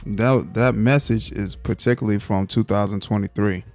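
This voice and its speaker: Male commentary host, low gravelly voice, dry and mocking. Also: moderate pace, a little mellow, faint music behind. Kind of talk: live-stream commentary.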